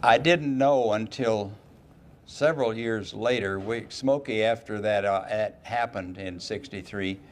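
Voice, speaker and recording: An older man as an interview guest, telling folksy stories and acting out quoted lines in lively voices. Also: fairly low pitch, measured pace, slight background noise. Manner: folksy anecdotes, quoting others in lively voices. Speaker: interview guest, retired racing driver. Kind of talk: casual storytelling interview.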